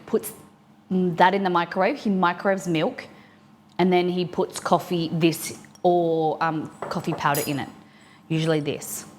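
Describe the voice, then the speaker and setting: A woman's voice: fairly low pitch, a little hiss or hum. Chatty woman streaming over breakfast. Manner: chatty, reads chat aloud and answers viewers. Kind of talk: casual live-stream chat while eating.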